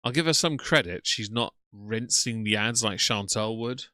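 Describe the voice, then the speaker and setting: A man's voice: on the low side, normal speed, bright, forceful tone, dry recording. A young man giving casual, sarcastic live-stream commentary and talking to his chat. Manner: chatty, sarcastic, greets chat by name. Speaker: streamer reacting to videos.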